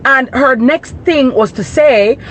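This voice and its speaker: A woman's voice: high-pitched, slow pace, a bit bright, slight background noise. A woman with a Jamaican accent, talking to her followers in an indignant, emphatic rant. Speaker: vlogger. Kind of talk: direct-to-camera commentary.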